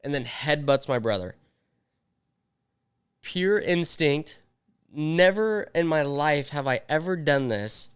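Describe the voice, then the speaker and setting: Lively young man telling a story. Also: fairly high pitch, slow pace, long pauses, clear, resonant tone. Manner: animated, acts out quotes. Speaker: podcast co-host. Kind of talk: casual storytelling chat.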